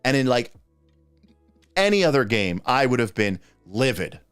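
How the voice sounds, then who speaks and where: Medium in pitch but swinging widely, this man's smooth, slightly bright voice keeps a measured pace as he answers game master questions on his livestream. He rambles and interrupts himself; the recording is dry with faint music behind.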